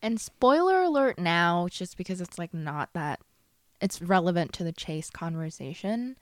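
A young woman speaking frankly and wryly in a casual conversation about a book. Her voice is a little lower than most women's. The sound is dry and close. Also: very animated, measured pace, dry recording.

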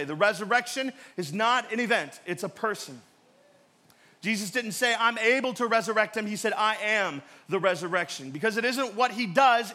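High, bright-voiced preaching man. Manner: dynamic preaching, swings between loud emphatic peaks and quiet low asides. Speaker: pastor. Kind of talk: sermon.

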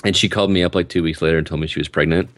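A man's voice: low-pitched, steady tone, racing, dry recording. A man in his thirties telling a long personal story in casual conversation, rambling and restarting his sentences with lots of ums. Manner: rambling, self-interrupting storyteller with frequent ums.

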